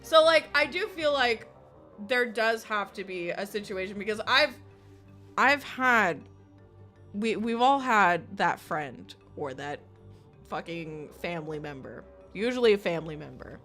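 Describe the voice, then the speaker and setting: Woman streamer venting, cursing a ton, laughing a lot, bright voice, faint music in the back. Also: mid-range voice, animated, unhurried. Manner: swears constantly, laughs often, ranting. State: recovering from illness. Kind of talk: casual chat while gaming.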